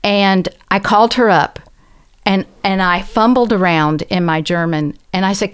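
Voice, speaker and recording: A woman's voice: medium pitch, unhurried, clean tone. Southern woman telling a personal story. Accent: Southern American. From American South. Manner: earnest, reflective, animated storytelling with quoted voices. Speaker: guest. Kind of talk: conversational storytelling.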